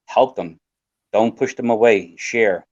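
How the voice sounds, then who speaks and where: A man's voice: fairly low pitch, slow pace, a little mellow, no room sound. Older man, earnest rambling survival talk. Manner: earnest, rambling, repeats himself. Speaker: guest survival expert. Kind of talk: casual podcast talk. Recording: dry, dull lo-fi sound.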